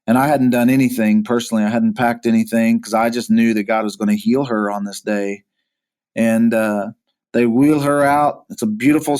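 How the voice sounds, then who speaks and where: A pastor being interviewed, earnestly recounting a hard personal story, often halting and repeating words as he goes. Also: medium pitch. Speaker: pastor, podcast guest.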